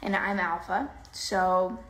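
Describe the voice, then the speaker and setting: A woman's voice: on the low side, steady tone, takes it slowly, a bit bright. A woman chatting casually on a phone livestream, rambling and playful. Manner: rambling and playful, baby talk to her dog. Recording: echoey room with faint noise.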